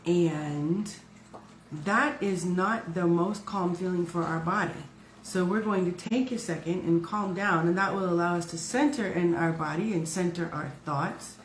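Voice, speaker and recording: A woman hosts her podcast in a gentle, affectionate manner, coaxing listeners to slow down and breathe. Her voice sits low, and she takes her time over every phrase. The sound bounces around a roomy space, with faint noise underneath. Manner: affectionate, soothing, encouraging. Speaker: podcast host. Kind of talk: podcast talk leading a breathing exercise.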